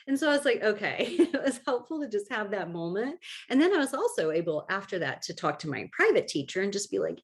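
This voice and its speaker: A woman hosting a solo podcast, talking casually and chattily with a gently encouraging, self-deprecating manner. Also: medium pitch, very animated, a little fast. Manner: chatty, self-deprecating, lots of "like" and "you know". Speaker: podcast host.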